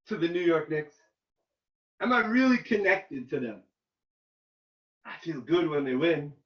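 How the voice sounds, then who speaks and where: A man, a rabbi, giving an animated informal talk to students, getting loud and excited as he tells a story. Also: a little high. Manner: excitable, shouts and cracks when reliving a game. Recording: roomy, distant, dull lo-fi sound.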